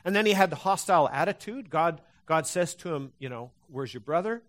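Conversational male preacher, slightly high voice. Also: a little fast. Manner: conversational, repeats words as he restarts, animated. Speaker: pastor. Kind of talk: sermon.

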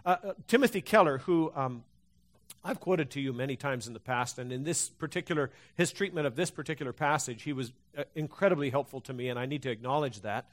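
A man's voice: mid-range voice, fast. A man preaching a sermon to a congregation, talking conversationally with frequent restarts and fillers. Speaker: pastor. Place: church hall before a congregation.

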